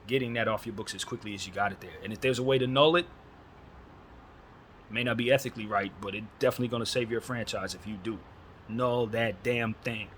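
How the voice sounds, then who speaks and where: A man hosts a casual solo basketball chat, speaking bluntly with strong opinions and casual slang. His voice is lowish, brisk, and a bit bright, with a little hiss or hum in the recording.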